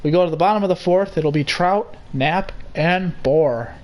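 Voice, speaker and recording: A young man calling a baseball game play by play, steady and unhurried, with casual asides. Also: on the high side. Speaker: play-by-play commentator. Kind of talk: simulated baseball commentary.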